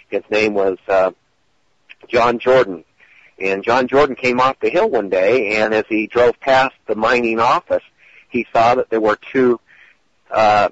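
A man's voice: on the low side, dry recording, muffled recording. A man telling stories in a casual podcast, rambling with many hesitations and acting out the quotes.

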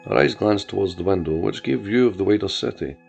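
A man narrating a crime drama story in a measured way. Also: on the low side, vocal fry, a little mellow. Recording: dull lo-fi with faint music.

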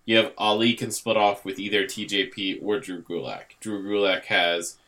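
A man's voice: on the low side, moderate pace, sharp tone. A man co-hosting a casual podcast chat, agreeable and easygoing as he breaks things down. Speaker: podcast co-host.

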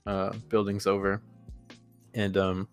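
A man's voice: on the low side, monotone, slow pace, clear, resonant tone, faint music behind. A man co-hosting a podcast in casual chat, telling rambling stories and laughing often. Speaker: podcast co-host.

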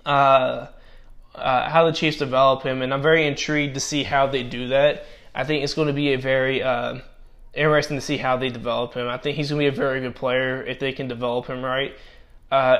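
A man offers casual commentary on football draft picks and grades them, speaking haltingly with many restarts as he loses his voice. His voice is mid-range with a fairly bright tone.

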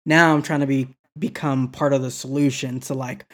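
Low-pitched woman chatting on a podcast, relaxed and agreeable. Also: normal speed. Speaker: podcast co-host. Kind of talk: casual chat.

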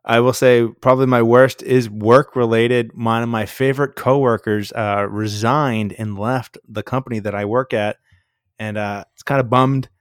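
A man's voice: mid-range voice, fairly even intonation, moderate pace, dry recording, studio quality. A man co-hosting a casual podcast, talking in a wry, joking way. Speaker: podcast co-host. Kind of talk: casual chat.

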